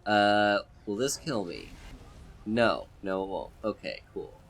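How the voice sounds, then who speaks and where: A man streaming a game with hoarse, congested voice from a cold, chatting in a relaxed, rambling way. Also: lowish voice, takes it slowly. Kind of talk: casual game commentary.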